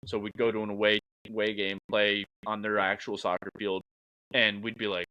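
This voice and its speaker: A young man co-hosting a podcast, chatting in a relaxed, profane way and saying "dude" often. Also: fairly low pitch, normal speed, no room sound, lo-fi sound. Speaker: podcast co-host. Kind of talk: casual chat.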